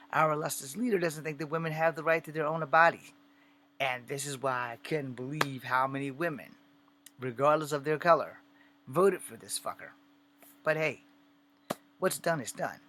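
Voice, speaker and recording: A man's voice: on the high side, moderate pace, pushed and bright. Blunt, profane man ranting to camera. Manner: conversational, acts out the scene. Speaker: vlogger. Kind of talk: casual rant and storytelling to camera.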